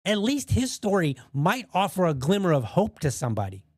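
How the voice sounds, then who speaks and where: A man's voice: high voice, very animated, brisk, no echo, studio quality. A man hosting an opinion podcast, talking bluntly and heatedly and swearing freely as he argues his point. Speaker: podcast host.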